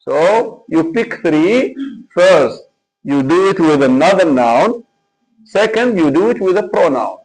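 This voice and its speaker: A man's voice: on the high side, lively intonation, slow pace, a little mellow, rough recording. A man teaching an Arabic class live online, patient and repetitive as he drills examples.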